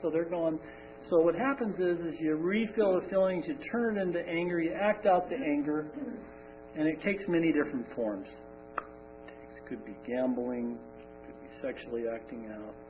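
A man's voice: on the high side, normal speed. A man telling his recovery story at a support meeting, rambling and conversational with many fillers. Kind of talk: personal recovery talk. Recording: distant, phone-like, faint hum.

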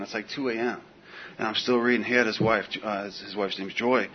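A man telling a personal story in casual, animated speech, full of "dude" and "man". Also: lowish voice, fast talker. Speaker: guest telling his recovery story. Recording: dull lo-fi recording with faint hiss.

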